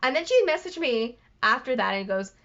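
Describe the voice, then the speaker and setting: A woman's voice: high voice, very animated, normal speed, a bit bright. A woman vlogger telling a personal story to camera in a rambling, apologetic way, often stuttering and restarting. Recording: dull lo-fi recording.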